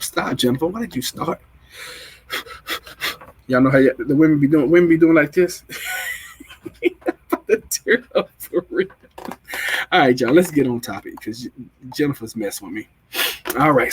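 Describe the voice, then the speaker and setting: A man's voice: a little high, a little hiss or hum, rough recording. A man in his forties hosting a casual live stream, chatty and emotional as he greets viewers and answers their comments. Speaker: livestream host.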